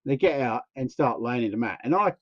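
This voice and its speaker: Fast-talking man telling a story. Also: medium pitch, no room sound, lo-fi sound. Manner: rambling, animated anecdote with acted-out quotes. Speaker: podcast co-host. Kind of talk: casual storytelling chat.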